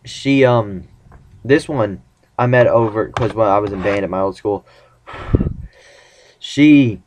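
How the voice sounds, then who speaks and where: A man's voice: on the low side, slow pace, darkish tone, slight background noise. A young man casually telling rambling, self-mocking stories about his dating life in a vlog. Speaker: vlogger.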